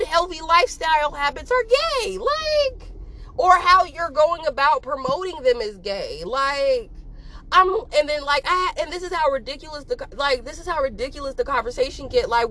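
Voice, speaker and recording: A woman's voice: sits high, a bit bright, poor audio. A young woman ranting casually and bluntly to her viewers, swearing freely and filling her talk with "like". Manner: profane, blunt, heated, lots of "like" fillers. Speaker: vlogger.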